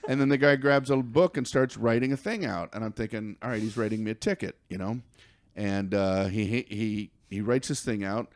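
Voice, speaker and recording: A man, a comedian guest on a podcast, telling an animated story and acting out the other people's lines. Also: fairly low pitch, brisk.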